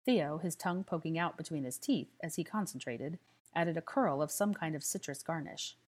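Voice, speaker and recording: A woman reading a story aloud as narrator, calm and even. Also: low voice, normal speed. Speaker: audiobook reader. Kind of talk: scripted narration.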